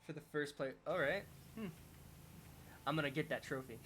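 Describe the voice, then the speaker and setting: A man's voice: a little high, normal speed, a bit bright, a little hiss or hum. A young man streaming a game, chatting casually and rambling as he thinks aloud, often restarting his sentences. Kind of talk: casual chat while playing a game.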